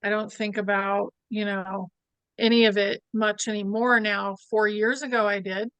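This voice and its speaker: A woman hosts a relaxed fireside chat, her voice smooth and resonant. The sound is dry and close, with no room around it. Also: mid-range voice, normal speed, no room sound, rough recording. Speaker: host.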